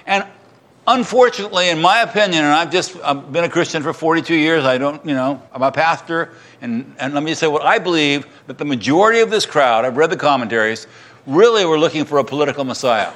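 A man's voice: on the high side, expressive, fast, a bit bright. A middle-aged man preaching a sermon as pastor in a church, acting out crowd cries and restarting his sentences.

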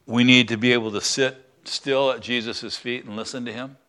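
An older pastor preaches in a relaxed, conversational way, often turning to the listeners with questions. His voice sits at an ordinary middle pitch for a man. He is an American man teaching a Bible lesson to his congregation. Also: moderate pace, clean tone. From United States. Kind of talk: sermon.

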